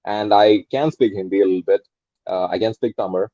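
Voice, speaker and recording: Male tutor, 20s, Malayalam first language; low, dark, dry delivery, conversational and opinionated, over muffled call audio. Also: a little fast, dry recording. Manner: opinionated, thinking aloud with frequent fillers and restarts. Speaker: English tutor and soft skills trainer. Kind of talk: casual conversational interview.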